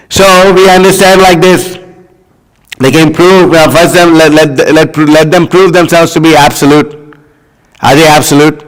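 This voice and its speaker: A man giving a scripture class as a sermon, scornful and animated, leaning on lots of "you know" fillers. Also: on the high side, unhurried, big-room sound, low-quality recording. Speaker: preacher.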